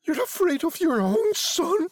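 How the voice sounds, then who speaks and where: A man's voice: very animated, measured pace, no room sound, studio quality, heavily acted. A man doing a frantic, grieving old woman. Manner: shrill pleading cries.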